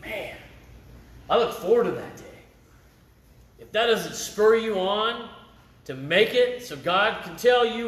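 A middle-aged lay preacher with a high, very animated, slightly bright voice delivers a sermon at a camp meeting, speaking at a measured pace with long pauses in a roomy space. He tells personal stories conversationally and keeps asking "right?".

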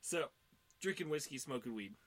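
A man's voice: fairly high pitch, expressive, normal speed, a bit bright. A man co-hosting a podcast, rambling in casual chat with lots of fillers and swearing. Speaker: podcast co-host.

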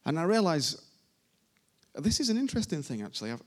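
A man's voice: fairly high pitch, very animated, brisk. A man preaching a sermon to a congregation in an informal, emphatic way, repeating his phrases. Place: church service before a congregation.

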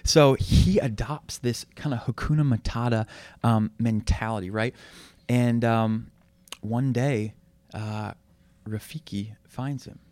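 Young man, guest on a faith chat show, earnest storyteller, smooth tone, close and dry. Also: mid-range voice, takes it slowly, hardly any pauses, no room sound. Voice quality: relaxed, filler-heavy, earnest.

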